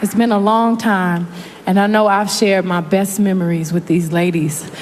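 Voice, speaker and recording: A woman's voice: mid-range voice, steady tone, normal speed, slight background noise. A woman giving an emotional acceptance speech, close to tears as she thanks her friends. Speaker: award recipient. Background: loud cheering crowd.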